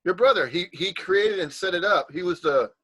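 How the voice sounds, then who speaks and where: A man's voice: high voice, moderate pace, a bit bright, breathy edge. A man chatting casually on a video call, rambling and teasing with frequent laughter. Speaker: host of a nondualism talk stream.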